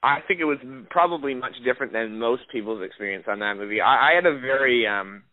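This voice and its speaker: A young adult actor answers interview questions casually and ramblingly, often restarting his sentences. His medium-pitched voice has lively intonation, and he talks fast. The audio is dry and tinny, like a phone line.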